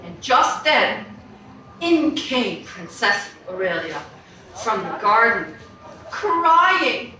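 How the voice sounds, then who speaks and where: A woman telling a story live to a young audience, speaking to them directly. Her voice is high, bright and very lively, and she talks slowly. Heavy echo and a distant mic color the sound. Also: slight background noise. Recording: booming echo, mic far off.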